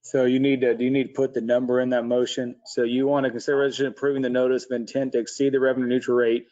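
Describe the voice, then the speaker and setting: A man's voice: medium pitch, flat delivery, rapid-fire, dark tone. A man, a city commissioner, earnestly laying out his concerns at a public meeting in a city hall commission room. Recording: muffled lo-fi meeting recording.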